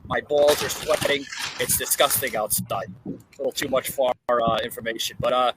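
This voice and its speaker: A man's voice: mid-range voice, steady tone, moderate pace, noisy background. A man hosting a casual political chat podcast from an outdoor porch, talking in a rambling way with lots of fillers and restarts. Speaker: podcast host.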